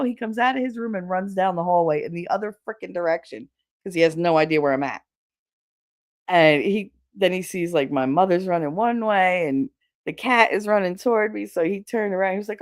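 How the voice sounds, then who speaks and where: Middle-aged streamer lady, animated, laughs a lot, swears, dry close mic sound. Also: on the low side, normal speed, no room sound. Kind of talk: casual storytelling on a livestream.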